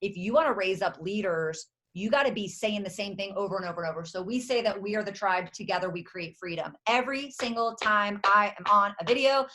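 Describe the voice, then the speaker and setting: A woman leading a motivational leadership call for her sales team, speaking with energy and emphasis and repeating her slogans, sometimes breaking into excited cheers. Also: mid-range voice, a little fast, few pauses. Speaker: network marketing team leader. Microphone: video or conference call.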